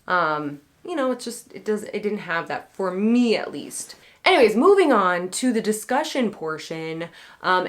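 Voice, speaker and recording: Woman book vlogger, chatty and playful, rambles with ums and excited asides. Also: medium pitch. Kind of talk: casual chat to camera.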